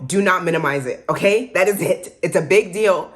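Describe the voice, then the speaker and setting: A young woman speaks straight to her camera in a loose, encouraging vlog style, her voice sitting a little low for a woman. She talks candidly and peppers her advice with casual slang, like a friend giving a pep talk. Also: normal speed. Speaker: vlogger.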